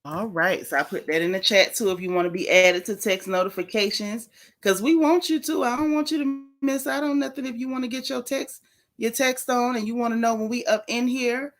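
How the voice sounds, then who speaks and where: A woman's voice: a little high, steady tone. Chatty gossip-stream woman greeting her viewers. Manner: chatty, greets viewers by name, drawn-out repeated phrases. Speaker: livestream gossip host. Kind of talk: casual live-stream chat.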